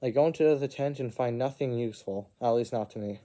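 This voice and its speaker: A man narrates an improvised fantasy adventure in the first person. His voice is mellow and soft-edged, and he keeps breaking off for asides and self-corrections. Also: mid-range voice, brisk. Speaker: storyteller.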